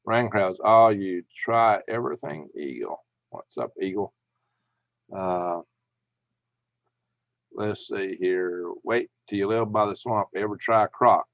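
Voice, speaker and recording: A man's voice: deep voice, takes it slowly, long pauses, no echo, highs cut off. A man hosting a live stream, telling rambling anecdotes and reading chat with chuckles. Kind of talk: casual storytelling and reading chat.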